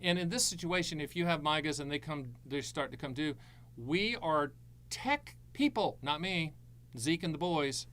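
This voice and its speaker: A man's voice: a little high, expressive, moderate pace, fairly bright tone. A middle-aged man hosting a live Q&A as an annuity advisor, answering viewer questions with breezy, jokey salesman patter.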